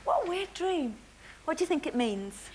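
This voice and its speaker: An actress playing a dreamy, sweetly oblivious young woman who slowly tells a story. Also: very high voice, big pitch swings. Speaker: sitcom girlfriend. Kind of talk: comic dialogue. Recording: hissy TV broadcast recording.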